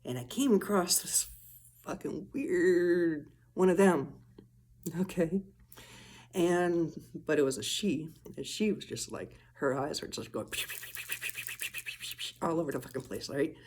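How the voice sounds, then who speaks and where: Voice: medium pitch, measured pace, pauses often, a little mellow. A person talking casually to camera in a rambling, profane vlog monologue, chuckling often and trailing off mid-thought. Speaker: vlogger.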